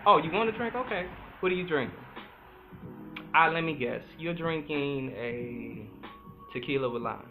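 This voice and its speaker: A man's voice: fairly high pitch, moderate pace. A man doing a dry, witty club charmer. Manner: dry, sarcastic, calm. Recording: phone-like sound with music behind.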